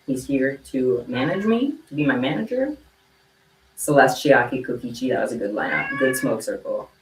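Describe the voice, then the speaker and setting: A young woman livestreams from her home room, making kandi bracelets, chatting freely, and meowing at her cat. She has a bass voice with big pitch swings at normal speed, and the echoey recording picks up faint ambience and slight background noise.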